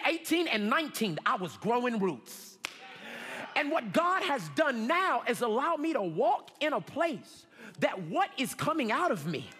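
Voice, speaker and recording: A man preaching a fervent sermon, calling on the congregation to repeat after him and rising to shouts. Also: extremely high pitch. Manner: fervent preaching with call-and-response, shouting at peaks. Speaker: pastor. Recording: long hall reverb.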